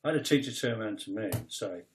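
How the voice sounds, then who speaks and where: A man in his fifties, a poet telling his own life story as a personal confession, speaking raw and emotional with halting restarts and blunt swearing. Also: on the low side, expressive, a little hiss or hum. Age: 50s.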